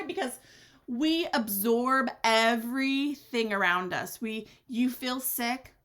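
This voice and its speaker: A woman hosting her own podcast, talking alone in a blunt, sassy way, swearing freely and swinging her pitch for drama. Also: sharp tone. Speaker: podcast host. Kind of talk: candid solo podcast monologue.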